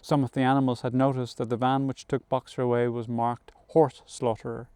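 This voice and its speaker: A man narrating a novel aloud as an audiobook reader, in a measured storytelling manner that includes occasional self-corrections. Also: mid-range voice, level tone, a little mellow, clean tone, dry recording.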